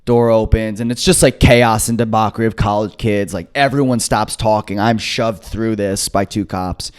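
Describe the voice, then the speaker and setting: A young man co-hosting a comedy podcast, telling a story in a casual, animated way and acting out the voices of the people in it. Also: lowish voice, moderate pace, clear, resonant tone. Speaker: podcast co-host.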